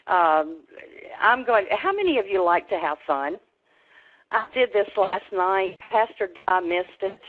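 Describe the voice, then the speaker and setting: A woman hosts a webinar with a rousing, preacher-like pep talk. Her pitch sits in the middle, and the sound comes through a tinny, phone-like line. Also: animated, measured pace. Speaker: webinar host.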